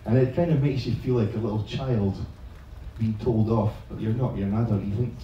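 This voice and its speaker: A man's voice: fairly low pitch, steady tone, brisk, lo-fi sound. A man, a teacher trainer, telling a comic story live to an audience, chatty and self-mocking, swearing freely. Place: large echoing room at an evening event. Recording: very echoey room, voice far from the mic.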